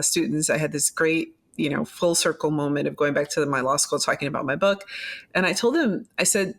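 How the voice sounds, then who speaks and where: A middle-aged woman author talking as a guest in a casual interview, animated, laughing and acting out her own quoted lines. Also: fairly low pitch. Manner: animated, laughing, quoting herself.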